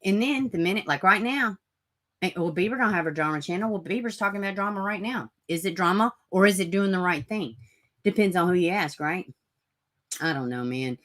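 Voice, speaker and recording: This true crime channel host has a lowish, slightly bright voice and talks at a normal speed, leaving long pauses. During her livestream commentary she rants with blunt profanity and mocks others by putting on sarcastic voices.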